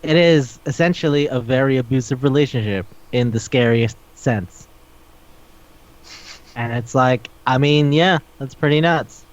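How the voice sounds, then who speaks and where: A man's voice: mid-range voice, a little slow. A man co-hosting a casual podcast, ranting with exasperation and swearing as he talks through a manga. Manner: profane, exasperated ranting with acted-out quotes. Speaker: podcast co-host. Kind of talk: casual chat reviewing a manga. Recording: dull lo-fi audio.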